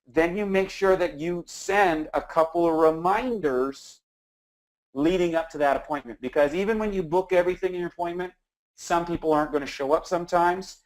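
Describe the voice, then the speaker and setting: A man giving an energetic sales training talk, acting out phone dialogue with frequent restarts. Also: fairly high pitch, normal speed, poor audio. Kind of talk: instructional talk.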